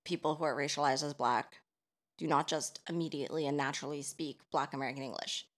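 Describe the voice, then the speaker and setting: A woman's voice: deep voice, steady tone, fast talker. A woman co-hosting a podcast, chatty and explanatory with playful asides. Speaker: podcast co-host. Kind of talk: casual podcast discussion.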